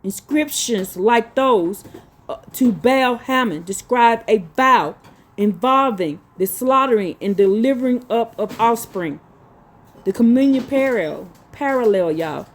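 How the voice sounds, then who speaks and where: A woman's voice: on the high side, expressive. Blunt, scolding woman preacher. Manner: slow deliberate reading broken by scolding rants; blunt, profane, colloquial. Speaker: religious teacher. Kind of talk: reading notes with heated asides.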